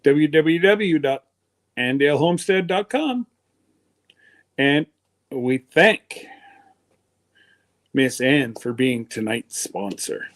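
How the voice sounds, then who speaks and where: Slow, lively, rambling male host. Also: mid-range voice. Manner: rambling, chatty, teasing. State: congested from pneumonia. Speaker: livestream host. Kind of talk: casual chat.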